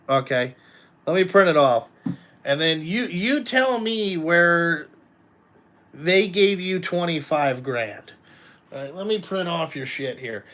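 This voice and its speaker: A man's voice: a little high, fairly bright tone. A man talking bluntly and casually to viewers, swearing often and rambling between topics. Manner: blunt, profane, rambling, addresses viewers directly. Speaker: trucking company owner and vlogger. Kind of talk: casual live chat.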